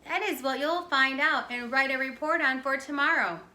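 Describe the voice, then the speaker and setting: A strict schoolteacher with a firm, deadpan delivery and a bright, crisp edge, as a woman reads her lines from a storybook. The voice sits a little high and rings in an echoey room. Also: normal speed. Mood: stern, dry. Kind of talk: read-aloud storybook.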